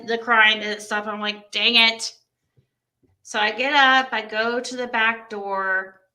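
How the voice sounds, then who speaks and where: A young woman hosting a livestream, telling a story in casual chat and reacting to comments with animated exclamations. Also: fairly high pitch. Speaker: livestream host.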